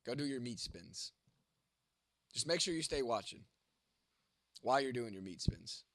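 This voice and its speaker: Young man, congested, hoarse, cursing, bright voice, dry close sound. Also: medium pitch, sing-song, normal speed, dry recording. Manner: profane, blunt, joking with viewers. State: congested, voice going, coughing. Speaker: livestream host reading chat. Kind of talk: casual livestream chat.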